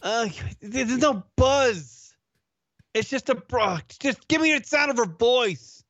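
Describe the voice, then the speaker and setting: A man's voice: very high-pitched, slow pace, dry recording, muffled recording. A man co-hosting a call-in internet radio show, ranting and swearing in casual banter. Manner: ranting, swears often, animated. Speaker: podcast co-host.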